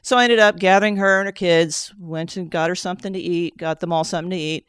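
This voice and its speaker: A woman's voice: lowish voice, fairly even intonation, fast, fairly bright tone, clean tone, dry recording, studio quality. A woman telling an emotional personal story, quoting herself and others as she goes. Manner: tears up while telling it. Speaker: session participant sharing a story.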